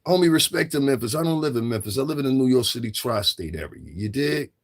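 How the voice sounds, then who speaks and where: A man's voice: medium pitch, expressive, fast talker. A middle-aged man hosting a livestream, ranting in a profane, confrontational way and repeating himself for emphasis. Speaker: livestream commentator. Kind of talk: livestream rant.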